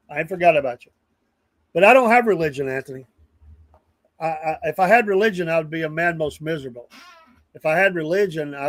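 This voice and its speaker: A man's voice: a little high, no echo. A man, hosting a casual live stream, rambling earnestly and greeting viewers from the chat by name. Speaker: livestream news show host.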